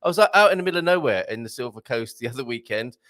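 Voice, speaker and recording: A man's voice: medium pitch, very fast. English guy hosting a live show, jokey, voice bounces all over, laughs a lot. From England. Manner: jokey, animated, laughs often. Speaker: host.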